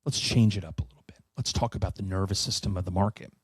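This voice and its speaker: A middle-aged man giving an animated solo finance presentation, emphatic and sardonic with profane asides. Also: deep voice, fast, slightly rough, no room sound. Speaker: finance commentator.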